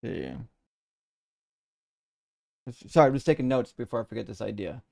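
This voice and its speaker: A man's voice: medium pitch, big pitch swings, moderate pace, gravelly, darkish tone. A man hosting a live debate stream, chatting casually and reading out viewer comments, rambling with lots of restarts and casual swearing.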